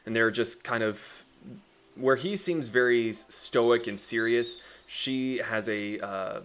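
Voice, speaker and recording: A man narrating as game master, casual and profane, with many pauses and fillers. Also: mid-range voice, fairly bright tone.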